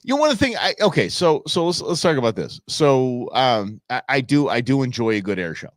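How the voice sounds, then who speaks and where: Big swings in pitch mark this medium-voiced livestream host, who speaks fairly quickly, chats casually with viewers, and laughs often at their comments. The studio-quality recording has no room sound.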